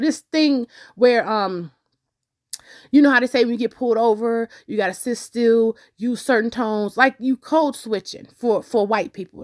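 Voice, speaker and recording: A woman hosting a podcast, telling a personal story in a casual, animated way and talking straight to her listeners. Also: fairly high pitch. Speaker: podcast host.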